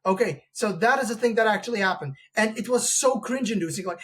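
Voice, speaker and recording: A man's voice: high-pitched, fairly quick, fairly bright tone. A man hosting a podcast interview who delivers a long opinionated argument, rambling with frequent restarts and acting out quoted voices. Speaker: podcast host. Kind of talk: opinionated conversational monologue.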